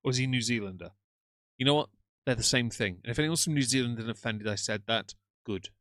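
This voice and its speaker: A middle-aged man with a bright, forceful voice chats on a live stream and answers his viewers with dry, sardonic teasing. He sits close to a desk microphone, and the sound is dry and unroomy. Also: medium pitch, fast talker, dry recording. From England. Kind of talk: casual stream chat, reading comments.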